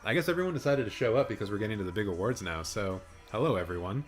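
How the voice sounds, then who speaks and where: A low-voiced man whose voice has gone raspy and hoarse from hours of talking, speaking into a good studio mic. He chats casually and loosely, with plenty of fillers and restarts, and a little faint music plays behind him. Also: lively intonation, rapid-fire. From Canada. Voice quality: deep and raspy. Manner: chatty, rambling, with fillers and restarts. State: hoarse from a long stream. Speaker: film channel live streamer. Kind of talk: casual live reaction stream.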